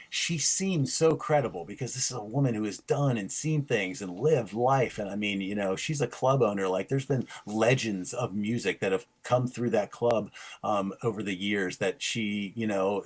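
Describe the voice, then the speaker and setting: A man co-hosting a casual podcast, telling a rambling anecdote and acting out the quoted lines. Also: fairly low pitch. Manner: rambling storyteller who acts out quoted lines. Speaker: podcast co-host.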